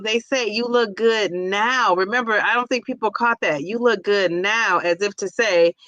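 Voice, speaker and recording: A woman's voice: medium pitch, pushed and bright, dry recording. A woman hosting a casual livestream, chatty and laughing easily as she reads a quiz and viewer comments aloud. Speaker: livestream host.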